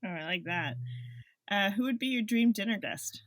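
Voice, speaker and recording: A woman's voice: medium pitch, lively intonation, normal speed, a little hiss or hum. A woman hosting a podcast interview, asking short questions and laughing along with her guest. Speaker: podcast host. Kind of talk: casual interview chat.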